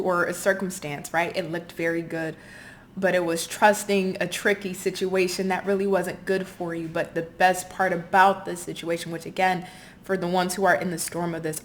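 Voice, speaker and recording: A woman's voice: lowish voice, slight background noise. A woman giving a heartfelt tarot reading, earnest and apologetic, circling back to repeat her phrases. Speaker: tarot reader. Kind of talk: intuitive tarot reading to camera.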